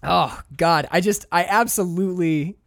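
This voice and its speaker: A man hosting a casual chat about a film, excitable and swearing freely as he acts out scenes. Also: sits high, normal speed, vocal fry, no echo, clean studio sound.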